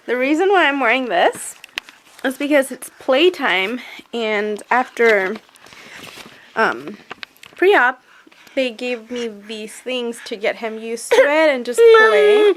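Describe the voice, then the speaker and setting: A young mother vlogs casually to the camera in an animated, slow voice, with a little hiss or hum in the background. She sounds anxious and rambles, full of fillers and thoughts that trail off, and sometimes slips into high, playful baby talk with her son.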